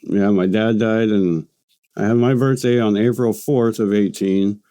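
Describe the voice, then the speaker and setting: A man in his late forties, a podcast guest, speaking in a halting, matter-of-fact, self-deprecating way. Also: on the low side, steady tone, dark tone, no echo. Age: late 40s. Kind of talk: casual podcast chat.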